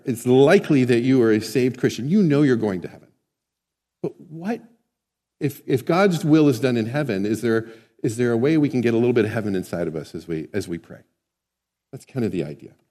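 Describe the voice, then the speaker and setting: With a warm medium-pitched voice, a moderate pace and frequent pauses, a pastor preaches in a lively, conversational manner and regularly asks his congregation questions. The recording has a long hall reverb.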